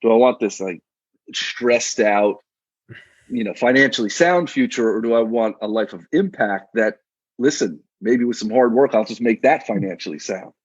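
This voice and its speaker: A man's voice: mid-range voice, normal speed, husky, dry recording, muffled recording. A man in his thirties, a coach and guest on a casual podcast, talking in a laid-back, slangy way with frequent restarts.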